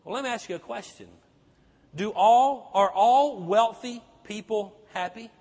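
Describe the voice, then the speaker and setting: A pastor preaching with a very high, husky voice that rises and falls widely as he presses his listeners with question after question. His voice rings through a church hall with a long, lingering reverb. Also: measured pace, darkish tone. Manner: emphatic preaching with rhetorical questions to the congregation. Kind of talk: sermon.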